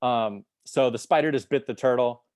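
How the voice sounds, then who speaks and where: A man's voice: medium pitch, moderate pace, darkish tone, no echo, clean studio sound. A man giving a casual sales training talk over a video call, rambling with many fillers. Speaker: sales team presenter.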